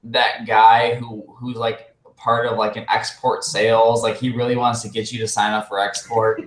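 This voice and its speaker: A man's voice: fairly low pitch, flat delivery, normal speed, echoey room, low-quality recording. A man, a tabletop game player, chatting casually in a rambling way with lots of fillers. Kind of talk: casual post-game chat.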